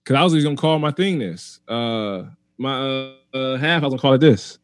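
A man's voice: medium pitch, expressive, fairly quick, dry recording. A man, a comedian, talking in a casual chat, arguing his point emphatically and repeating himself as he goes.

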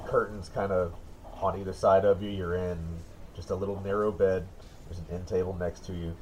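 Low-voiced man running a tabletop game. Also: moderate pace, a little hiss or hum, poor audio. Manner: relaxed, descriptive. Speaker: dungeon master.

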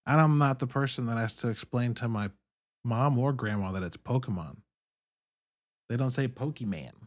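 A man in his thirties hosting a podcast, talking in a candid, profane, animated monologue. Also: mid-range voice, normal speed. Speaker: podcast host. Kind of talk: casual monologue.

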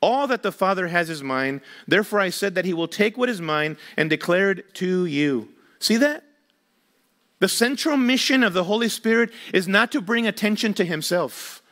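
High-voiced man preaching a sermon. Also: animated, moderate pace, a bit bright. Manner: emphatic preaching with rhetorical questions. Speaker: pastor.

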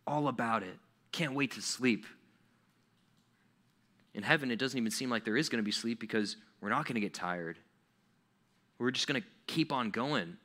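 A man giving a lively, joking sermon to young people, acting out little scenes. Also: mid-range voice.

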